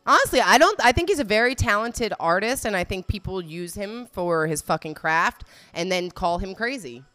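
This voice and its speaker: A woman's voice: mid-range voice, lively intonation, moderate pace, bright, forceful tone, faint music behind. A woman giving casual, blunt and profane commentary, laughing often as she reacts to a video.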